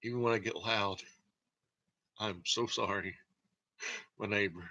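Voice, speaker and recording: A man's voice: fairly low pitch, steady tone, unhurried, bright, forceful tone, no room sound, lo-fi sound. A man telling a rambling, jokey monologue to camera and laughing often. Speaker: vlogger.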